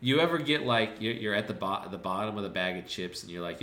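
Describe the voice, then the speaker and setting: Low bright-toned man rambling in an echoey room. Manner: rambling, profane, deadpan jokey retelling with quick voiced asides. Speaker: podcast co-host. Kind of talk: casual movie recap chat.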